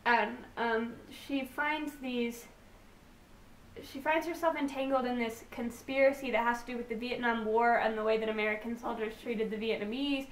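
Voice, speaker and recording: A young woman with a fairly high voice chats in a bubbly, gushing way, rambling through fillers and restarts. She sounds a little distant from the mic, in an echoey room with a faint hiss behind her. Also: fairly even intonation, moderate pace. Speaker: book vlogger. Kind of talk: casual book haul chat.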